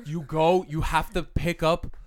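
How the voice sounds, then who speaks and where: A man's voice: on the high side, flat delivery, unhurried. A young man co-hosting a casual podcast, crude and joking, slipping into silly voices. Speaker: podcast co-host. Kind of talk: casual chat.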